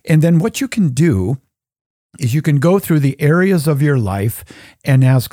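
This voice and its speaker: An earnest middle-aged man teaches listeners how to spend time in prayer, his voice mellow and warm. When he voices the prayers themselves he drops into a soft, hushed tone. The recording is dry and close, with no room sound. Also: a little high, lively intonation, unhurried, dry recording. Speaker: Catholic podcast host. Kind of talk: devotional teaching talk.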